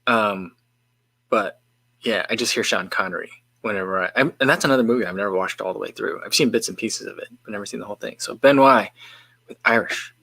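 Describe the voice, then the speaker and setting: Man, livestream host, bright forceful tone, dry close sound, casual rambling chat, stops and restarts often. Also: on the low side, a little fast, gravelly, no room sound. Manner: musing and rambling, with frequent self-interrupting restarts. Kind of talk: casual chat, reading viewer comments.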